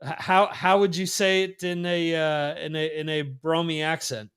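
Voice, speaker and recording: Male host, loose rambling chatter, lots of ums, somewhat higher voice. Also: little pitch movement, moderate pace, a bit bright, smooth. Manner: rambling, laughs often, many fillers. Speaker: podcast host. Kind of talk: casual chat. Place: lives in Spain.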